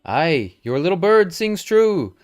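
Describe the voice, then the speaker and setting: Man putting on a stern military commander, formal and stately, old-fashioned phrasing, lively pitch, faint music underneath. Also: takes it slowly, heavily acted. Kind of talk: reading game dialogue aloud.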